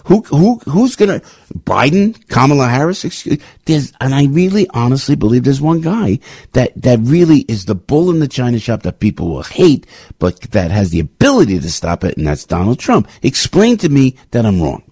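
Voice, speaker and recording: A man hosting a talk radio show, with a husky, low-set voice. His pitch swings widely as he pushes his points with emphatic repetition. The sound is dry and close to the mic. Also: very animated, moderate pace, darkish tone, no room sound. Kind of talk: political talk radio chat.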